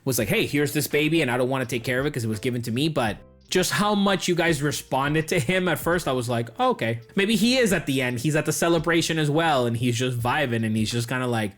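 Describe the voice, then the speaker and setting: A man's voice: mid-range voice, fast talker, hardly any pauses, soft background music. A man, the game master of a tabletop show, chatting casually and animatedly about how he builds his characters. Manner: animated, acts out quoted characters. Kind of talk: casual podcast chat.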